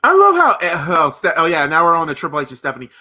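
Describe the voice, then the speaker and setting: A man reacting live on a watch-party stream, his voice bright and forward and sitting a bit high for a man. He rambles excitedly and piles up exclamations. His sentences often restart and trail off. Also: quick pace.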